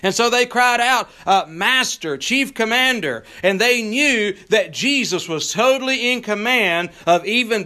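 A man preaching a sermon, reading scripture slowly for emphasis and adding folksy asides with frequent "uh" fillers. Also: sits high, sharp tone. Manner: preaching with scripture reading in King James wording, drawn out for emphasis. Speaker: pastor.

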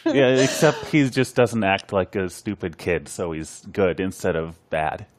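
A man's voice: low-pitched, measured pace, dry recording. A man co-hosting a podcast, trading dry wisecracks in casual chat about an episode. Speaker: podcast co-host.

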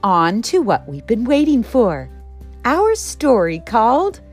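Woman host, children's storybook narrator, unhurried and sing-song, faint music under a dry mic. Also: a little high, huge pitch swings.

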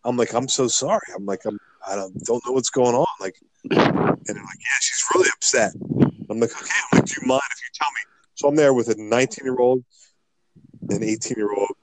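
A middle-aged man co-hosting a podcast, telling a rambling, animated story in casual chat. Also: mid-range voice, slight background noise, rough recording. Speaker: podcast co-host.

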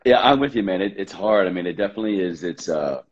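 A man with a low, gravelly morning voice, chatting as a podcast guest in an easygoing way. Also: expressive, fast talker, dull audio. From Los Angeles. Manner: easygoing, laughs often. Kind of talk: casual interview chat.

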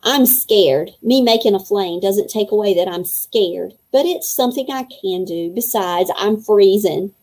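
A woman's voice: medium pitch, unhurried, few pauses, a little mellow. A woman voicing a blunt, teasing young mummy girl in a storybook reading.

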